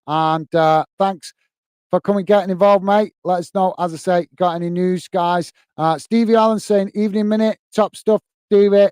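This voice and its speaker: A man's voice: high voice, fairly even intonation, moderate pace, darkish tone, clear, resonant tone, no room sound. A man from the UK hosting a live football fan stream, chatting casually and thanking viewers for their comments. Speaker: football channel host. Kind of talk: live stream chat reading.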